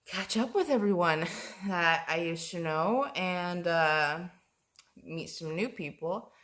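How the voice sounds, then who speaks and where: A woman with a low-pitched voice tells a personal story to her camera at an unhurried pace. She rambles, trails off and corrects herself often, filling gaps with ums. She sounds self-conscious, like a beginner at vlogging. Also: fairly bright tone.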